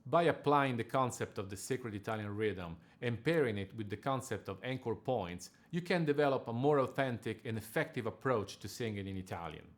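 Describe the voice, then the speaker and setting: Measured male diction coach. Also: medium pitch, expressive. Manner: measured, precise explanations. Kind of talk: scripted instructional narration.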